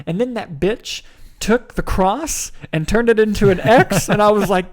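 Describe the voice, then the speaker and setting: Young male podcast co-host, excitable and emotional, fairly high voice. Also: measured pace. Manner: excitable, swearing, emotional swings in pitch. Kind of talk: casual chat.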